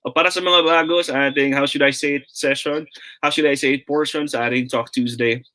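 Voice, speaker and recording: A man's voice: medium pitch, steady tone, fairly quick, sharp tone, low-quality recording. A young Filipino man with a Filipino accent, teaching a live online pronunciation class, upbeat and mixing English with Tagalog as he greets viewers by name. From Philippines.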